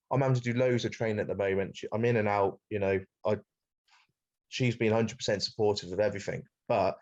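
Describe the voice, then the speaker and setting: A Welsh man with a lowish, fairly monotone voice, chatting casually as a podcast guest. He talks freely, with some restarts, and says "mate" often. The recording sounds dull and lo-fi. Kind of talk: casual interview chat.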